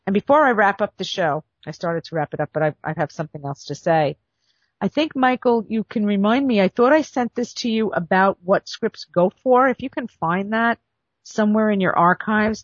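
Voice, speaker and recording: Husky woman, chatty, folksy asides, dry dull lo-fi recording. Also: mid-range voice, no room sound. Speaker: podcast host and script editor. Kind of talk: casual monologue.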